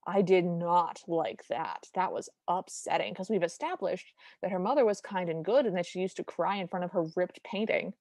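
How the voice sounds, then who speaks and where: A woman's voice: lowish voice, lively intonation, normal speed, few pauses, a little mellow, no echo. A woman co-hosting a podcast, recapping a cartoon in a wry, detailed, opinionated way. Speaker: podcast co-host. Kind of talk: casual chat recapping a film.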